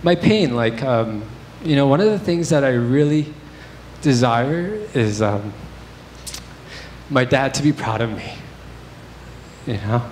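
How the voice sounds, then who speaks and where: A man's voice: mid-range voice, lively intonation, slow, darkish tone. Young male preacher, candid storytelling sermon, roomy church echo, faint noise. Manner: candid, conversational storytelling with fillers. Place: church sanctuary.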